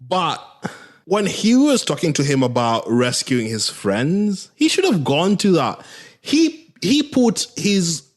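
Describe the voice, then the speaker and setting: A man's voice: on the high side, very animated, takes it slowly. A man co-hosting a podcast in casual chat, hesitant with restarts, rising when annoyed. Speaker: podcast co-host.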